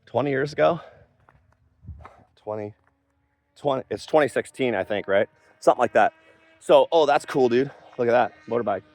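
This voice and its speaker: A man's voice: mid-range voice, normal speed, pauses often, darkish tone. An American man vlogging his opinions in a rambling way, losing his train of thought and turning heated and scolding. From United States.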